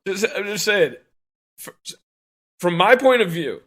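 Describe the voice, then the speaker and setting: A man with a bright, somewhat high voice co-hosts a podcast in a furious, profane rant. He swears in nearly every sentence and breaks into laughter between outbursts. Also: very animated, unhurried. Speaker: podcast co-host.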